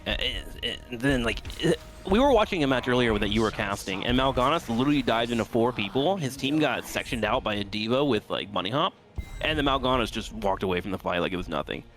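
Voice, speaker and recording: A man co-casting a video game match, excitable and teasing, laughing often. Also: medium pitch, fairly quick, faint music behind. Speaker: esports co-caster. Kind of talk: esports commentary.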